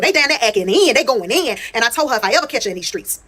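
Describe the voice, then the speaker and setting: Woman doing a storytime, talks fast, blunt n cussing, repeats herself for emphasis. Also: on the high side, animated, a bit bright. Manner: talks straight to viewers. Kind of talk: casual storytime.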